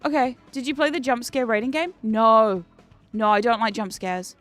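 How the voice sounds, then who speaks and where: Chatty high-voiced woman streaming a game. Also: steady tone, moderate pace, faint music behind. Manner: chatty, swears freely, laughs often. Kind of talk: casual gaming stream chat. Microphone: desk microphone.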